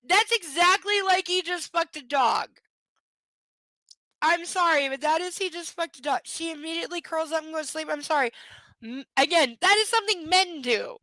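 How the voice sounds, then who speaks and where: On a live stream, a tired woman reads a novel aloud, stopping now and then to chat bluntly and sardonically with plenty of swearing. Her high, bright voice is recorded close and dry, at a moderate pace.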